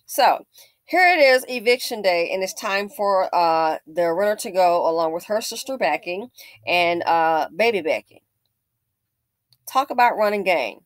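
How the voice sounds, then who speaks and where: A woman's voice: mid-range voice, animated, a little slow, no echo, clean studio sound. A woman host giving casual, opinionated commentary, telling a story with wry asides.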